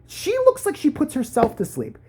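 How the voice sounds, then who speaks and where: A woman's voice: sits high, huge pitch swings, moderate pace, dark tone, slight background noise. A woman delivering a crude, rambling comedy rant, full of profanity and swinging between mutters and outbursts. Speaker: commentary vlogger.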